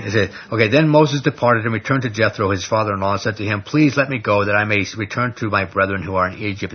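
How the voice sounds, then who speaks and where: A man teaching an informal Bible study, retelling scripture in a conversational, animated way with plenty of fillers. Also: lowish voice, husky. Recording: dull lo-fi recording.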